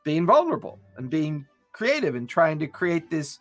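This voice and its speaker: A man's voice: on the high side, big pitch swings, moderate pace, soft background music. A man hosting a casual chat about tabletop games, talking in long enthusiastic run-ons. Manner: rambling, enthusiastic, many restarts. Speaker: podcast host.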